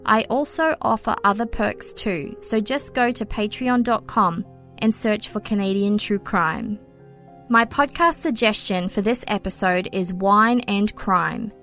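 A woman hosting a true crime podcast, reading her scripted narration in a measured way. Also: medium pitch, fairly bright tone, faint music behind.

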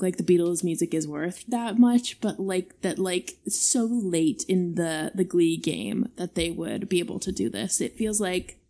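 A woman's voice: lowish voice, dark tone. Hesitant woman podcast co-host. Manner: hesitant, many fillers and restarts, teasing. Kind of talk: casual pop-culture chat.

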